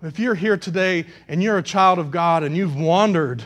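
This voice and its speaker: A male pastor preaching a sermon to a congregation, swinging between loud passionate outbursts and hushed pleading. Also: a little high, moderate pace, hardly any pauses. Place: church in front of a congregation.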